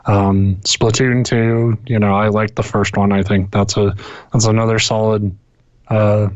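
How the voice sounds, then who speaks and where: Over an internet call, a podcast co-host chats casually about video games, rambling, swearing often and restarting his sentences. His fairly low voice stays level in tone at a measured pace. The recording is dry and lo-fi.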